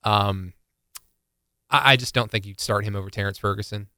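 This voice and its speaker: A podcast co-host with a bright, clear voice rambles through casual sports chat, full of fillers and restarts. His pitch is fairly low and his pace moderate. The recording is dry and has a clean studio sound.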